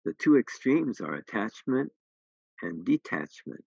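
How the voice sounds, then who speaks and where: A man's voice: lowish voice, big pitch swings, unhurried, creaky, husky, no room sound, dull audio. A middle-aged man, a minister, gives a dharma talk in a temple, telling a story with many restarts and then making his points emphatically. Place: temple hall.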